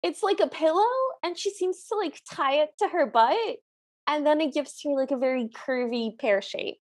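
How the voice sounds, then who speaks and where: A woman's voice: sits high, moderate pace. A woman co-hosting a podcast, chatting and describing scenes from an old cartoon. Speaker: podcast co-host. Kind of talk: casual chat reviewing a cartoon.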